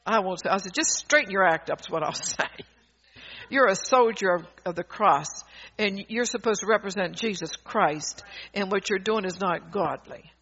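Fervent lady preacher, rambles and restarts, sharp bright voice, dull old recording. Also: medium pitch, normal speed, slightly rough. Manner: fervent and emphatic, often laughing mid-sentence. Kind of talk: sermon.

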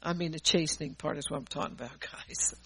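A woman's voice: low voice, fast, bright, forceful tone, slightly rough, poor audio. A middle-aged woman preaching a sermon in a fervent, conversational way, laughing between points.

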